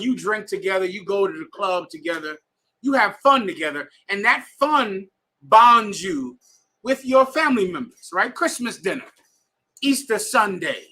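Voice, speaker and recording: A man's voice: high voice, lively intonation, measured pace, sharp tone. A man teaching a bible class to students in a room, emphatic and slangy, telling readers to keep going. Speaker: scripture class instructor.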